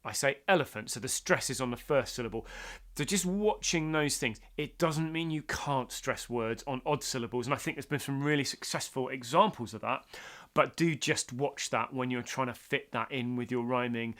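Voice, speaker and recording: A middle-aged man from the UK gives a casual songwriting lesson, chatty and full of self-deprecating asides. His voice is mid-range and a bit bright.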